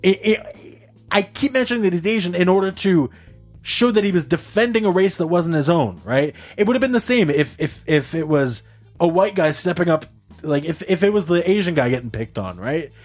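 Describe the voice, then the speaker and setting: Animated man telling a story. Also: normal speed, soft background music. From Canada. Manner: animated storyteller, jumps high for quoted voices, laughs often. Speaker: podcast co-host. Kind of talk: casual storytelling chat.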